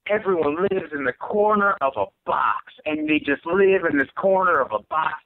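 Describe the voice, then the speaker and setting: A man voicing a rambling, eccentric male subway stranger who talks in an earnest, drawn-out, repetitive way, heard over a phone line. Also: fairly high pitch, lively intonation.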